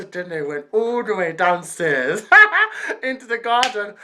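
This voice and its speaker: A woman vlogger telling a storytime, animated and laughing as she acts out the other people. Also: low voice, a little slow. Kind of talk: storytime narration.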